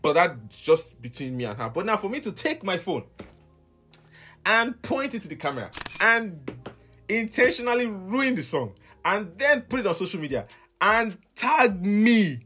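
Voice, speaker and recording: A man's voice: sits high, big pitch swings, moderate pace, fairly bright tone, slightly rough. A young adult man and music minister hosting his own vlog, animatedly lamenting with exasperated laughter. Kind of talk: casual vlog reaction.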